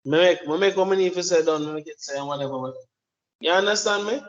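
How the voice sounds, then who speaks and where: A man's voice: a little high, fast, muffled recording. A man with a Jamaican accent delivering an emphatic, preachy opinion monologue, often repeating his words. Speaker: commentator.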